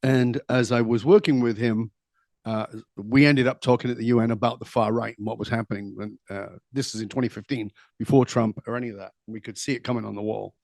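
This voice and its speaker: A middle-aged man, a guest on an interview show, telling stories in an animated, conversational way, laughing easily and throwing in quick asides. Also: medium pitch, gravelly, dry recording, clean studio sound. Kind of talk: conversational storytelling.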